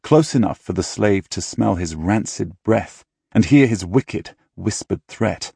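A man reading an audiobook in measured, dramatic storytelling style, close to a studio mic. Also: lowish voice, animated, gravelly, darkish tone, slightly rough, no room sound. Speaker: audiobook narrator. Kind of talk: scripted audiobook narration.

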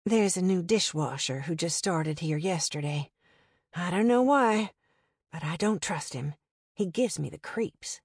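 A woman's voice: medium pitch, very animated, moderate pace, a little mellow, no room sound, studio quality. A woman voicing a nervous, distracted young diner waitress in an audiobook. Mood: uneasy. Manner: distracted, uneasy.

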